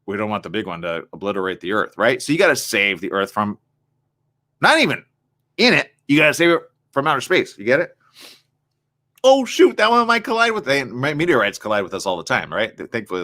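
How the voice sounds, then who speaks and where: Animated rambling male live-stream host. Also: mid-range voice. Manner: rambling, animated, asks the audience "you get it?". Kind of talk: casual live-stream chat reading viewer comments.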